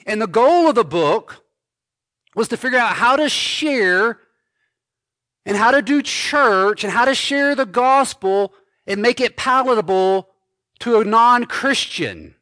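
Slow, bright-voiced preaching man. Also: extremely high pitch, expressive, no echo, studio quality. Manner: slow, emphatic preaching with repeated phrases. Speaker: pastor. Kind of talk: sermon.

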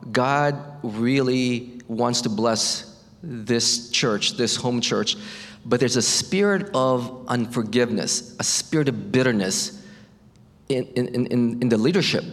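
A middle-aged man shares a personal faith testimony at a middle pitch. He talks in a halting way, repeating words and starting over. His voice rings with a long reverb, as in a large hall.

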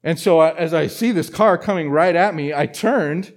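A man's voice: fairly high pitch, moderate pace. A man, a pastor, preaching a sermon and telling a personal story, with frequent restarts. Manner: storytelling, animated with many restarts. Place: church.

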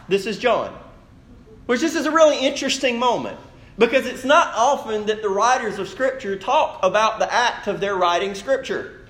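A young man delivers a sermon in a church in a fairly high voice. He tells stories with lively energy and turns to the congregation with direct questions. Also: moderate pace. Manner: animated storytelling, addresses congregation directly. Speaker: pastor.

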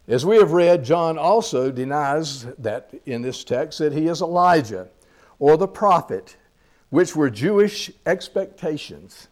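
Man, pastor, sermon, expository preaching, rhetorical questions, slightly high voice. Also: expressive, a little slow, darkish tone. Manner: expository preaching, reading scripture aloud and asking rhetorical questions.

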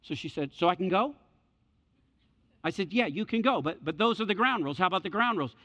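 High-voiced preacher man, echoing hall. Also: expressive, fast, pauses often, sharp tone. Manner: repeats key phrases for emphasis; acts out quoted voices in storytelling. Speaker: pastor. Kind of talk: sermon. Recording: dull lo-fi sound with hall reverb.

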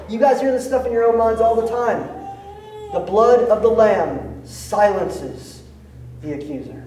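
A man's voice: sits high, expressive, unhurried, mellow, slight background noise. A man preaching a sermon as pastor, talking in a conversational way with slangy asides and building to emphatic peaks. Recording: roomy echo, mic at a distance, faint ambience.

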